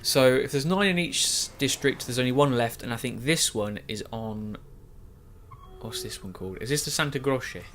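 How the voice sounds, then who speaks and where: A man's voice: medium pitch, normal speed, a bit bright, a little hiss or hum. A young man chatting loosely over gameplay, often correcting himself mid-sentence. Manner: rambling, self-correcting, chatty. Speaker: gaming YouTuber. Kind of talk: casual let's-play commentary.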